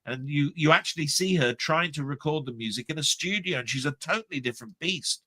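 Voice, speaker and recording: A man's voice: a little high, fairly quick, bright, forceful tone, dry recording. A man co-hosting a livestream, chatting casually and breaking into mock-angry rants with swearing. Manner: mock-angry ranting, swearing, mimics others. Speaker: livestream co-host. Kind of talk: casual chat.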